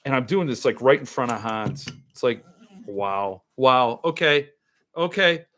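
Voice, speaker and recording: A man's voice: medium pitch, lively intonation, measured pace, a bit bright. A man hosting a podcast, rambling in loose, joking casual chat while he opens and drinks wine. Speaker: podcast host.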